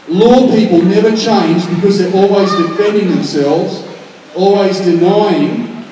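Pastor preaching in an echoey hall. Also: male voice, high voice, a little slow, recorded from a distance, slight background noise. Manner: conversational preaching, swings from quiet and intimate to loud and emphatic. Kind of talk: sermon. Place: large church hall.

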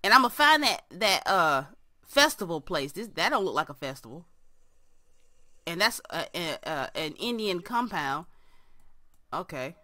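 A woman's voice: on the low side, big pitch swings, a little slow, long pauses, bright, forceful tone, no room sound, studio quality. A young woman hosting a game let's play from her room, chatting to viewers and to the characters on screen. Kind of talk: casual game commentary.

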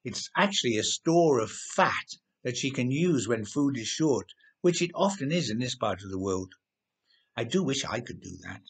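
Guy reading as a calm know-it-all fox, patient, a bit husky, storybook. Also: medium pitch, moderate pace. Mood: explaining. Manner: calm and explanatory. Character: patient, sensible male fox companion.

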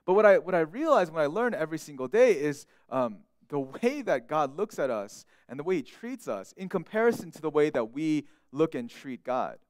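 A young male pastor preaches in an earnest, heartfelt way, often doubling back and repeating words as he restarts a thought. His voice sits high for a man and swings widely in pitch. The sound is close and dry. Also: very animated, normal speed, few pauses, dry recording. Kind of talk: sermon.

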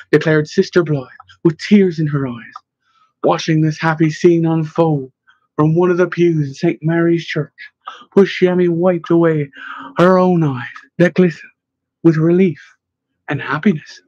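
A man narrating an audiobook in a measured, gentle way. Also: fairly high pitch, no echo. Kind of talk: scripted narration. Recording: slightly dull, dry recording.

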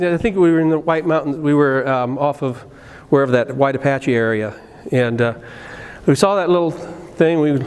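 A male pastor preaching a sermon in a church, telling stories in an animated, conversational way with many restarts. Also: on the high side. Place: church sanctuary. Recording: long reverb of a church hall.

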